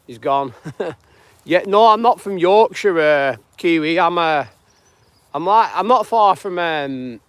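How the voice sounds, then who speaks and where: Chatty northern English man, fairly high voice. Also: animated, slow pace, a bit bright, dry recording. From northwest England. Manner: rambling and chatty, greets viewers by name. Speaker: live-streaming channel host. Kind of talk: casual live-stream chat. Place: outdoors on a dog walk.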